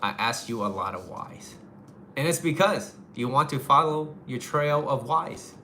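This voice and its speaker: A man with a bright, forceful voice talks casually through relationship advice, frank and loose, dropping swear words and repeating himself as he makes each point. He sits at middle pitch, and a faint hiss of noise runs underneath. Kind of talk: casual advice chat to a live audience.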